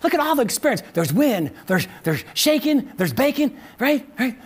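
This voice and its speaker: A pastor preaching a sermon in an animated way, with frequent restarts and laughing asides. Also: high-pitched, normal speed, slightly rough.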